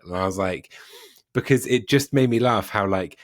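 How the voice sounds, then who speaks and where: A man's voice: on the low side, normal speed. A man with a British accent, hosting a podcast and chatting in a casual, self-deprecating way. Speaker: podcast host. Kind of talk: casual conversation.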